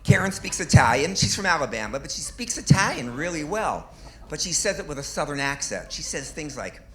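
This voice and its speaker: A man's voice: a little high, fairly bright tone, slight background noise. A man in his fifties doing a stand-up comedy set on a club stage, delivering self-deprecating punchlines with little chuckles.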